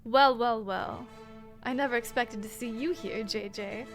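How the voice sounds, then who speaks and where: A woman's voice: fairly high pitch, measured pace, faint music behind, close to an everyday voice. A woman voicing an arrogant male rooster prosecutor, haughty and grandly formal in a game stream. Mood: smug.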